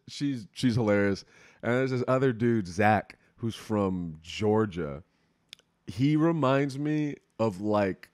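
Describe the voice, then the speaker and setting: Young man with a low, deep voice talks in a loose, rambling, unfiltered way as a podcast host. He speaks close to the mic, and the sound is dry with no room echo. His chat is casual and swears freely. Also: darkish tone. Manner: candid, rambling, profane.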